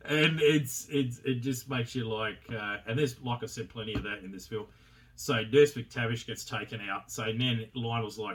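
A man's voice: mid-range voice, moderate pace, fairly bright tone, far from the mic, a little hiss or hum. A man with a mid-range voice talks his way through a film review in a loose, offhand manner. He rambles, swears freely and leans on fillers as he goes. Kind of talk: casual spoken film review.

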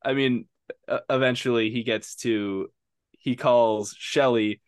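A man's voice: medium pitch, fairly even intonation, slow, smooth, no echo, studio quality. A young man co-hosting a casual movie review podcast, laughing often and talking in easy stops and starts. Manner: laughs often, hesitant with restarts. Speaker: podcast co-host. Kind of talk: casual chat.

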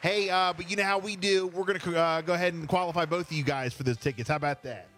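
A man's voice: a little high, fast talker, fairly bright tone. A man hosting a call-in game show on the radio, upbeat and laughing easily.

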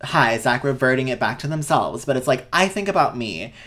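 A woman's voice: a bass voice, animated, brisk, fairly bright tone. A young woman co-hosting a casual chat, talking in an emphatic, heated way and swearing freely.

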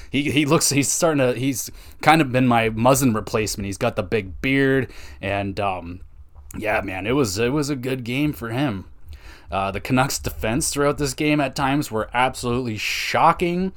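A young man hosting a podcast, talking through hockey games in an excitable, profane, casual way, tossing "man" and "dude" into his sentences. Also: mid-range voice. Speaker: podcast host. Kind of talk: casual sports podcast monologue.

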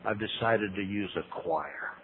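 A man's voice: fairly low pitch, a little slow, lightly acted. A man voicing God as a mild male deity who politely turns down advice, in a sermon. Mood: politely declining. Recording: tinny radio broadcast with faint hiss.

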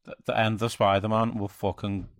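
Lowish-voiced guy swearing a lot on a game podcast, dry close mic. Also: little pitch movement, no echo. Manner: blunt, sweary, quick retellings with laughter. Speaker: podcast co-host. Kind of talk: casual chat about video games.

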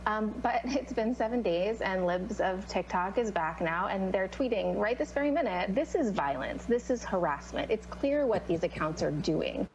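A woman's voice: medium pitch, lively intonation, moderate pace, few pauses, dull audio. A woman makes casual, sarcastic remarks on a news panel. A faint hum sits behind her voice.

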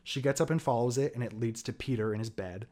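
A man's voice: medium pitch, fast talker, darkish tone. A young man hosting a podcast, recapping a plot in a loose, rambling way full of "like" and "whatever". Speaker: podcast host.

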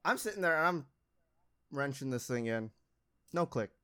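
A man's voice: medium pitch, lively intonation, normal speed, sharp tone, smooth. A young man casually telling a long story about a mishap at his auto shop job, rambling, laughing and mocking himself.

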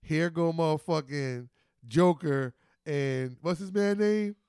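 High, gravelly man in casual movie chat. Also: takes it slowly, darkish tone, no room sound, studio quality. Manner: profane, retells scenes by acting out quotes, keeps affirming "facts" and "word up". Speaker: podcast co-host.

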